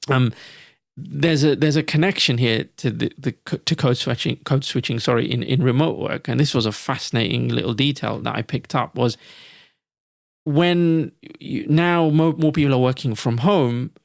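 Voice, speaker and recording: A man's voice: mid-range voice, moderate pace, vocal fry, no room sound, clean studio sound. A man co-hosting a podcast, talking in a reflective, hesitant way with frequent restarts. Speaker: podcast co-host. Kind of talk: casual podcast discussion.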